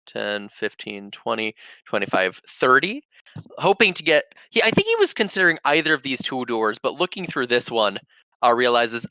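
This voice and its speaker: A man's voice: mid-range voice, bright, forceful tone, dry recording. A man playing a tabletop game, thinking aloud through his character's movement with fillers. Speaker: player. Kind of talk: describing his character's moves.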